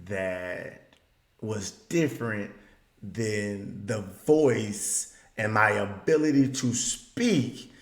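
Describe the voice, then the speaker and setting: Slow, earnest man in an echoey hall. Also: on the low side, vocal fry. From Southern US. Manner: swings from hushed, slow reflection to loud, emphatic bursts. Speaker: speaker. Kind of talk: personal storytelling talk.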